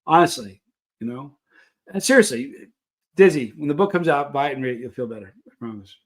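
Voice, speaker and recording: A man's voice: mid-range voice, lively intonation, brisk. A man hosting a livestream, chatting casually and rambling to his viewers. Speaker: livestream host.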